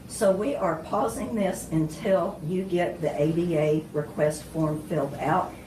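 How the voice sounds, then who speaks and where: Curt, firm woman judge with a dark voice. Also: on the low side, a little slow, a little hiss or hum. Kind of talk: courtroom ruling. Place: courtroom. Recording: echoey courtroom from far off.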